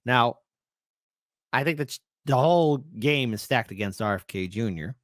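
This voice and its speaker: A man hosting a livestream with political commentary, ranting in an animated, sarcastic way. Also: mid-range voice, measured pace, dry recording, clean studio sound.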